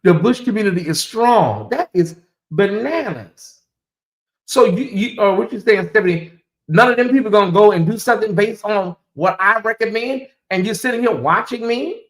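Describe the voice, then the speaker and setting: Middle-aged male streamer, slightly high voice, playful and chatty, roomy echo. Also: moderate pace. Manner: animated, teasing, talks straight to chat. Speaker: livestream host. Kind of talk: casual livestream chat. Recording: echoey room.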